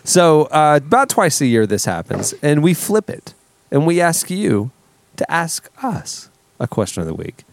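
A man hosts a casual podcast on a studio mic, running segments, plugs and audience call-outs in an easygoing way. His gravelly voice sits on the high side with big pitch swings, his pace is a little slow, and there's a slight hiss or hum.

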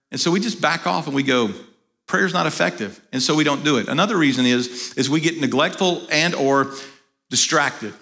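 A man's voice: fairly high pitch, bright, forceful tone. A middle-aged male pastor giving a sermon, telling stories in a conversational way and acting out quotes. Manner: conversational storytelling with acted quotes.

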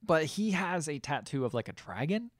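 A man co-hosting a podcast, casually retelling a movie's plot with lots of filler words and quick acted-out quotes. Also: fairly high pitch, big pitch swings, no room sound, clean studio sound. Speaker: podcast co-host. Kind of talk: casual chat recapping a movie.

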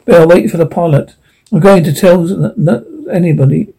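A man's voice: sits high, moderate pace, vocal fry, dark tone, slightly rough, heavily acted, low-quality recording. A man voicing a confused young sailor who stumbles over his words. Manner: hesitant, stumbling.

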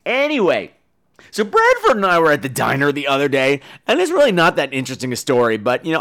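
A man's voice: on the high side, fairly bright tone. A young man hosting a podcast, delivering a profane, sarcastic comedic monologue and ranting about everyday annoyances. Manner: profane, sarcastic, ranting, breaks into silly put-on voices. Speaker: podcast host.

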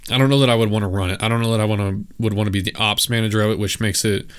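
A man's voice: lowish voice, steady tone, racing, clean tone. A man hosting a solo podcast, talking casually and candidly in a rambling way with lots of filler words. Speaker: podcast host.

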